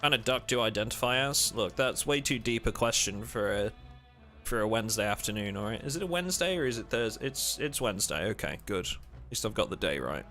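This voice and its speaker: A man's voice: lowish voice, lively intonation, fast talker, a bit bright, faint music behind. A man chatting casually and jokily with viewers while playing a game on a livestream. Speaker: streamer.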